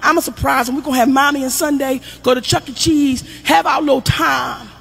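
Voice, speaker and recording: A middle-aged woman comedian telling a long, loud, profane stand-up story, acting out the people she quotes. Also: high voice, steady tone, a little fast, vocal fry.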